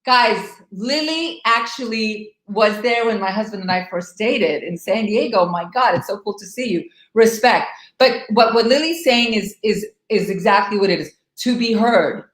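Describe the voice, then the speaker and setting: A middle-aged woman coaching divorced women on a live stream, emphatic and animated, speaking straight to her viewers. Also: mid-range voice, normal speed, few pauses, echoey room, rough recording.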